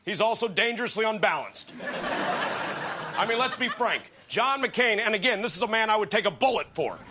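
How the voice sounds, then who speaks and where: Earnest rambling senator. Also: male voice, high-pitched, animated, normal speed, heavy background noise. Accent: Pennsylvania American. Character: rambling older male senator, backhanded. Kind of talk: sketch comedy debate parody. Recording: TV sketch with audience laughter. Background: studio audience laughter.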